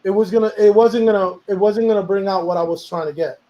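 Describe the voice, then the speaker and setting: A man's voice: high-pitched, fast, warm tone, muffled recording. A man, a music producer, talking casually about making a song, rambling and slipping into Spanish now and then. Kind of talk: casual chat.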